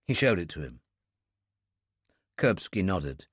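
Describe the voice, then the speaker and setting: A man narrating a thriller audiobook in a steady, measured storytelling manner. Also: lowish voice, no room sound, studio quality. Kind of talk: scripted narration.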